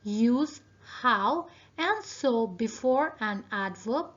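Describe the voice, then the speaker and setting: A woman teacher giving a recorded video lesson, speaking deliberately and addressing her students directly. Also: fairly high pitch, expressive. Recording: dull lo-fi video audio.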